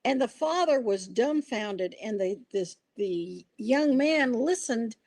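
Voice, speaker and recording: A woman's voice: a little high, expressive, slow pace, a little mellow, no echo. An older woman hosting a podcast, telling stories in an earnest, rambling way with restarts. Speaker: podcast host. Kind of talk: casual podcast conversation.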